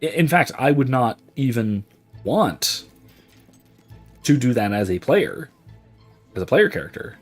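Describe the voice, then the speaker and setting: A man's voice: mid-range voice, big pitch swings, measured pace, long pauses, slightly rough, faint music behind. A man hosting a gaming stream, rambling chattily and answering chat questions as he plays. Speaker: host. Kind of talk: casual commentary while playing a video game.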